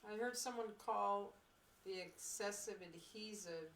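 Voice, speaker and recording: A woman's voice: medium pitch, a little slow, fairly bright tone, recorded from a distance. Laid-back woman co-host, faint hum. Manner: laid-back, laughs often. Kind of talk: casual chat.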